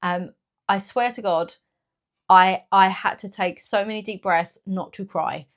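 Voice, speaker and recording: A woman, chatting casually in a small business vlog, animated and laughing often. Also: mid-range voice, unhurried. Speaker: small business owner and vlogger. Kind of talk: casual chat to camera.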